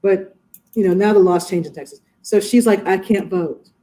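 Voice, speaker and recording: Animated woman judge telling stories. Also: medium pitch, fairly quick, poor audio. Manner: animated, acts out quoted voices. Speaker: judge, interview guest. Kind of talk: casual storytelling in a podcast interview. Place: her courtroom.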